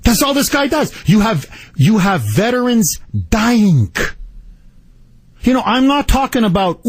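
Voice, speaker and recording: A man's voice: very high-pitched, very animated, unhurried, no echo. A man hosting a talk radio show, ranting in a combative, sarcastic way into a studio microphone. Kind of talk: political talk radio monologue.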